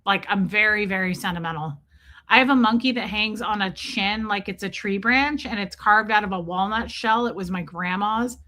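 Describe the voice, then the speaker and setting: Bright-voiced gushing woman streamer. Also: medium pitch, normal speed. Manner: gushing, chatty, greets viewers by name. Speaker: livestream host. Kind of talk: casual livestream chat.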